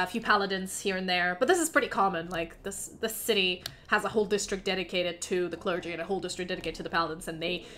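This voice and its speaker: A woman's voice: medium pitch, bright, forceful tone, a little hiss or hum. A woman narrating as game master of a tabletop fantasy game, chatty and given to laughing asides.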